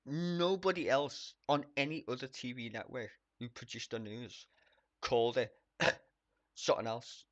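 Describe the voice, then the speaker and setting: A man's voice: mid-range voice, steady tone, unhurried, fairly bright tone, no echo. A man streaming live, ranting casually and mockingly about the news, swearing often and laughing.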